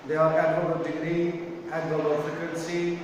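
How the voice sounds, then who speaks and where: Male teacher, high-pitched, slow, spells words out; distant echoey classroom-style recording. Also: flat delivery, noisy background. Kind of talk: homework correction lesson. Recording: echoey room from far off.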